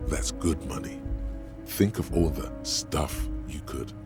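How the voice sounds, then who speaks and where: An actor voicing a mocking inner-voice narrator in a video game, wry and theatrical. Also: male voice, rumbling low, slow pace, over music, heavily acted. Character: mocking male inner-voice narrator, deep and dramatic.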